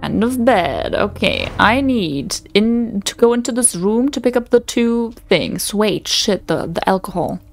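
A woman's voice: medium pitch, expressive, measured pace, hardly any pauses. A young woman commenting on her own play of a horror game, swearing often and mocking her own mistakes. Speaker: let's play streamer. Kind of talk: gaming commentary. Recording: faint game music behind.

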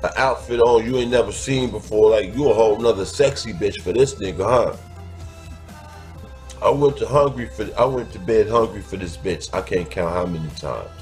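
A man's voice: lowish voice, moderate pace, darkish tone, faint music behind. A man telling a crude personal story, blunt and profane, stretching out words for emphasis.

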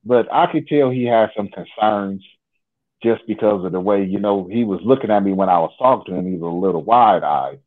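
Interview guest, male, lower register, animated folksy yarn-spinner, heard over a thin phone line. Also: brisk. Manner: animated, acts out dialogue in shifting voices; folksy, conversational phrasing. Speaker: interview guest recounting an encounter. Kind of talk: casual storytelling.

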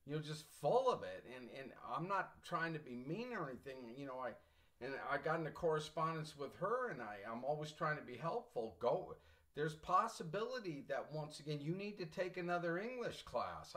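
A middle-aged man with a slightly bright, higher-than-average voice lectures a college English class on tape. He's blunt and rambling, saying things more than once and drifting into personal stories.

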